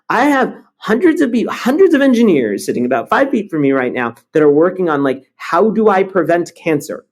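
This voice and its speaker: Founder guy on a podcast, blunt and swears a bit, voice bounces all over, sits a touch high. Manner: animated and blunt, swears, tells stories with energy. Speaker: startup founder and CEO, guest. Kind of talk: conversational interview.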